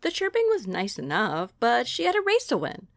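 A woman librarian reading a children's picture book aloud with slow, expressive delivery. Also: fairly high pitch, vocal fry, no echo. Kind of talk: storybook read-aloud.

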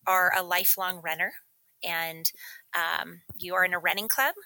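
A woman co-hosting a podcast, lively and encouraging, who laughs easily while asking her guest questions. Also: on the low side, moderate pace, low-quality recording. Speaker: podcast co-host. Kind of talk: candid podcast conversation.

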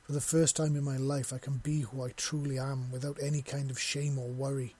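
A man voicing a tender male scaly clawed creature, speaking softly and with heartfelt devotion in a husky voice. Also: mid-range voice, level tone, a little fast, close to an everyday voice. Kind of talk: audio story reading.

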